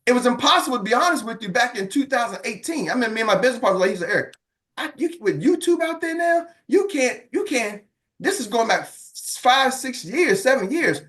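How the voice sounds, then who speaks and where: A man's voice: very high voice, big pitch swings, a little fast, fairly bright tone. A middle-aged man giving a motivational business talk to an audience, calling out questions and acting out quoted voices. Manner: preacher-like, calls out to the audience; acts out quoted voices of others. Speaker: business coach.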